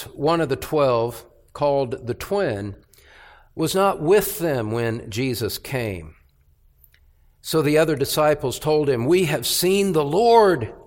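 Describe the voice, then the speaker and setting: Slow, emphatic preacher with a fairly high voice. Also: male voice. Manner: emphatic, with dramatic swings between quiet and loud; repeats words for stress. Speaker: pastor. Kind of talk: expository sermon.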